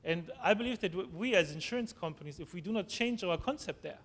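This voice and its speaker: A man giving a conference presentation, halting, with frequent restarts and tag questions. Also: high voice, animated, a bit bright. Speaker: conference speaker. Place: conference hall. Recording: long hall reverb, faint noise.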